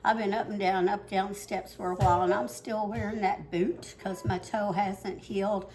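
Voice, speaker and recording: A woman's voice: mid-range voice, fairly even intonation, normal speed, a little mellow. Chatty older woman, out of breath. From Ozarks, Missouri. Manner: rambling, chatty, many fillers. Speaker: home cooking host. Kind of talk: casual cooking demonstration. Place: home kitchen.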